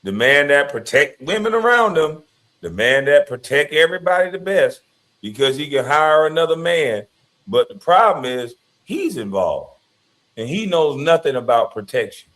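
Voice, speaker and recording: A man's voice: on the high side, sing-song, normal speed, fairly bright tone. A man giving casual commentary in a blunt, preachy, moralizing way.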